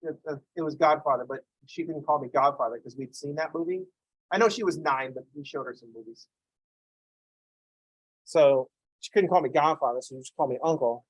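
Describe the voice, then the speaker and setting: Male math instructor, higher-pitched, dry close sound, chatty and self-deprecating. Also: brisk, no room sound, low-quality recording. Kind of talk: lecture with digressive anecdotes.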